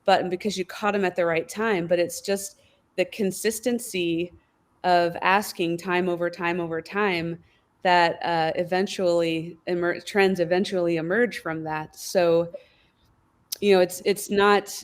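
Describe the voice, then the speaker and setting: A woman with a lowish voice talks through her ideas on a discussion panel. She is thoughtful and lively, and every so often she slips into the inner voice of the people she describes. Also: measured pace. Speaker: panel guest from a wellbeing app company.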